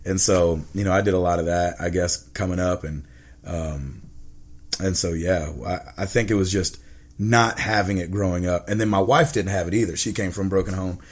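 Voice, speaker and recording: A man's voice: deep voice, fairly even intonation, normal speed. A man guest speaking earnestly and reflectively in a casual interview.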